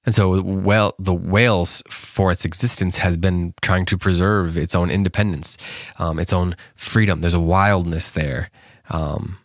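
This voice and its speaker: A man's voice: deep voice, steady tone, unhurried, dry recording, clean studio sound. A man hosting a podcast, reading a poem aloud and talking it through in an earnest, thoughtful way. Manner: earnest, thoughtful, with frequent ums and restarts. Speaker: podcast host. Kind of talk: poetry reading and reflective commentary.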